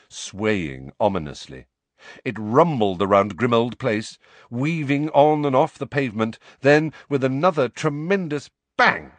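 Male narrator, low voice, lively expressive reading, dry studio sound. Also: dry recording. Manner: expressive, varied delivery. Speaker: audiobook narrator. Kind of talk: scripted storybook narration.

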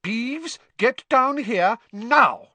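A man's voice: very high-pitched, expressive, drawn-out words, bright, forceful tone, dry recording, voice pushed up, heavily acted. A man voicing a stern older woman teacher who talks sharply and commands. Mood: sharp, scolding.

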